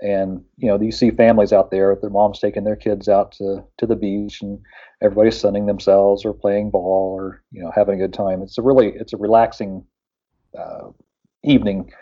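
A man's voice: on the low side, flat delivery, brisk, dark tone, lo-fi sound. A man from West Virginia chatting casually on a radio show, rambling with lots of fillers and restarts.

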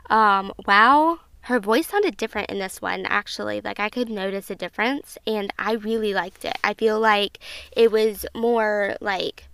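A woman's voice: mid-range voice, a little slow, vocal fry, a bit bright, smooth. A woman in her twenties hosting a casual podcast review, chatty and gushing, full of fillers, emotional at times. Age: 20s. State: emotional, near tears at times. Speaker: podcast host.

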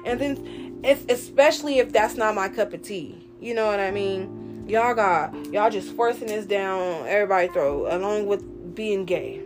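Animated slangy woman ranting over music. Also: medium pitch, measured pace. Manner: animated, slangy, rants with mocking quoted voices. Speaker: host. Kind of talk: casual commentary chat.

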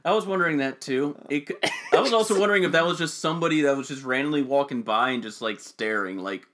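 A man's voice: fairly high pitch, fast talker, a bit bright. A man co-hosting a podcast, throwing in dry wisecracks during casual chat. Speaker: podcast co-host.

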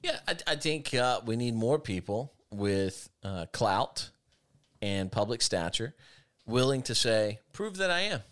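A man hosting a talk show, giving emphatic, argumentative commentary that swings between rushed and drawn-out phrasing. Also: lowish voice. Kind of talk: opinionated commentary chat.

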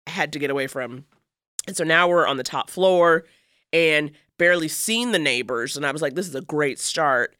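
A woman with a low, fairly bright voice co-hosts a podcast, telling a story in a rambling, self-mocking way packed with fillers. It's casual storytelling chat, recorded in studio quality with no echo.

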